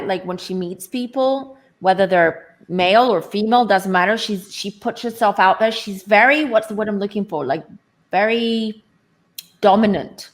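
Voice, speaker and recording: A woman reading tarot cards as a guest, musing aloud and searching for her words. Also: medium pitch. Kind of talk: casual tarot reading chat.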